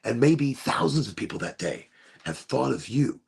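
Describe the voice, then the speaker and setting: A man's voice: medium pitch, big pitch swings, moderate pace, vocal fry, a little mellow, husky. A middle-aged man hosting a podcast, rambling profanely in a casual monologue. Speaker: podcast host.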